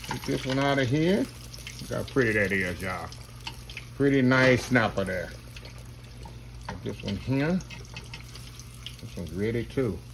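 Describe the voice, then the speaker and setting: A man hosting a casual home cooking video, folksy and chatty, talking to viewers as "y'all" and dropping to a low murmur while he tastes. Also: noisy background. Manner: folksy, keeps saying "y'all". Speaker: cooking channel host.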